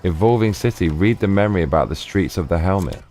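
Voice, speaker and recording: A man's voice: low voice, animated, fast, a little mellow. A man streaming a video game live, muttering frustrated reactions and chatting with viewers. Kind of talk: live gameplay commentary.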